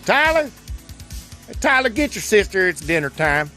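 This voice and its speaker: A man imitating a backwoods country parent hollering for the kids in a high, shrill voice. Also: big pitch swings, pushed and bright, faint music behind, exaggerated voice. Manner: hollering, drawn-out calls.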